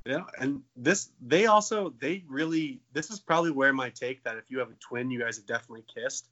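A man's voice: medium pitch, a little fast, bright, forceful tone, muffled recording. A man in his late twenties, joking and swearing in a casual comedic chat as a podcast co-host. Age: 20s. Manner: jokey, profane, playful.

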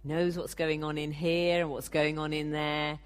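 A woman preaching a sermon, earnest and measured, sometimes acting out the people she quotes. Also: low voice, level tone, clear, resonant tone.

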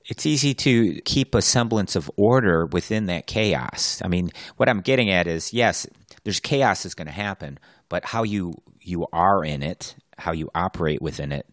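A man's voice: low-pitched, animated, normal speed, dry recording. A man co-hosting a podcast, talking in a casual, joking and emphatic way. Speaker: podcast co-host. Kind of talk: casual chat.

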